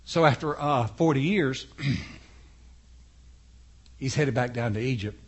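A man's voice: medium pitch, takes it slowly. A male preacher retelling a Bible story in a folksy, conversational sermon, talking straight to the congregation.

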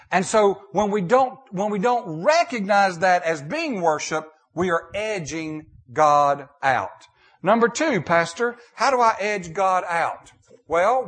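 A man's voice: high voice, a bit bright. An older man, a pastor, preaching a sermon in a folksy storytelling way, often repeating and restarting his phrases.

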